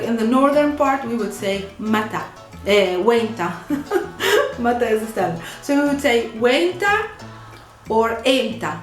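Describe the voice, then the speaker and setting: A woman teaching a language lesson to camera in a lively way, laughing at her own slips. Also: fairly high pitch. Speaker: Arabic teacher. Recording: echoey room with faint music.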